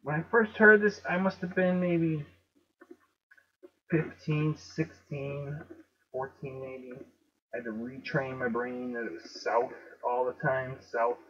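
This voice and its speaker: A man with a Chicago accent talks casually to his viewers. He is emphatic, repeats words and spells out letters slowly. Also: mid-range voice, steady tone. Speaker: video host. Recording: dull lo-fi recording.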